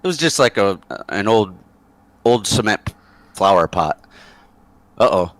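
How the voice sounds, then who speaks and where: A man with a low voice tells a long, rambling story with lots of fillers and chuckles. His pitch swings widely as he talks, and the sound is dry and close, like a voice call. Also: expressive, a little slow, a bit bright, no room sound. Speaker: interview guest, former soldier. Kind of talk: casual storytelling.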